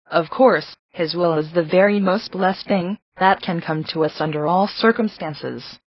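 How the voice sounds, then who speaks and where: Husky low-voiced woman reading devotionally. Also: dry recording. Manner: measured, earnest and reverent. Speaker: reader. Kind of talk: reading a devotional book aloud. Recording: slightly dull, lo-fi recording.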